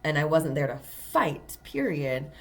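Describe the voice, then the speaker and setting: A woman's voice: low-pitched, sing-song, a little slow, a little mellow. A woman who reads tarot, telling a personal story in an earnest, emphatic way, with many fillers and restarts. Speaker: tarot reader. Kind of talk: casual spiritual monologue.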